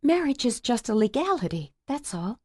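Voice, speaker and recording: A woman's voice: on the high side, sing-song, normal speed, darkish tone, breathy edge, no room sound, studio quality, voice pushed up. A woman voicing a guarded young woman with a hidden past, speaking hesitantly in a raised, tight voice in a romance audiobook. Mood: anguished. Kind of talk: audiobook character voice.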